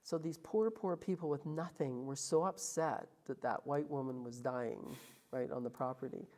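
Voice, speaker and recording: Low, mellow-voiced woman telling her story. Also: normal speed. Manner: emotional, vivid retelling with acted quotes. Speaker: guest. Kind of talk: storytelling interview.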